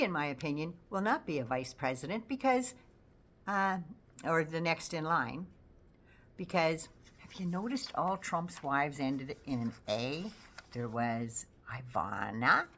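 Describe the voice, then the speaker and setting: Low-voiced, sarcastic older woman. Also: a bit bright. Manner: blunt, sarcastic, swears freely. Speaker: political commentary vlogger. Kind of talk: casual opinionated commentary.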